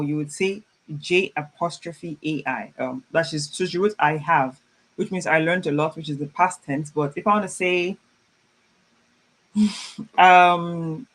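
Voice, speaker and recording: A French teacher running a live online class, reading students' chat messages aloud, praising them warmly and slowing down to repeat French phrases. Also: mid-range voice. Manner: encouraging, slows down to spell out French phrases; chatty and informal, laughs often.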